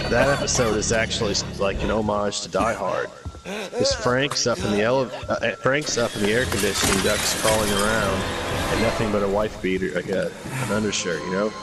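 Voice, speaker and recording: Low-voiced dude rambling and swearing while he games, game music blaring over him. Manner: rambling, profane storytelling. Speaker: gaming streamer. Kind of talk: casual chat while gaming.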